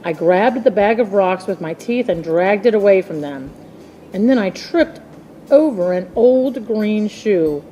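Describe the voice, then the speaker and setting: Slow, mellow woman reading a storybook. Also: mid-range voice, expressive, lo-fi sound, a little hiss or hum. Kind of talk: children's book read aloud.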